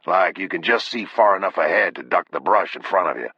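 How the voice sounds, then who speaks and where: A man voicing a weathered older Texas sheriff with a slow, laconic drawl, calm and grim, in an audiobook reading. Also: low-pitched, breathy edge, no room sound. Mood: matter-of-fact. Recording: dull, dry lo-fi audio.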